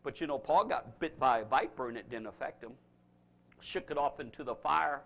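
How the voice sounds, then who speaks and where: A man preaching a revival sermon as pastor, who swings from loud, fervent preaching to low, confiding talk. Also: moderate pace, vocal fry. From United States.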